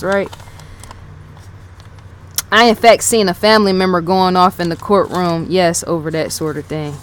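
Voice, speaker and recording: A woman's voice: fairly low pitch, a little hiss or hum. A woman giving casual unscripted commentary as a channel host, rambling, rereading her notes aloud and repeating herself, with many "yes" and "right?" fillers. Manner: fills talk with "yes", "right?" and "in fact".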